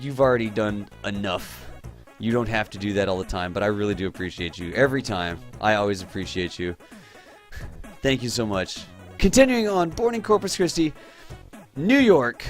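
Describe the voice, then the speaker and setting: A man from Texas hosting a livestream, excitedly thanking viewers and reading their names and places aloud from the chat. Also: mid-range voice. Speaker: livestream host. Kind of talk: live-stream chat shout-outs.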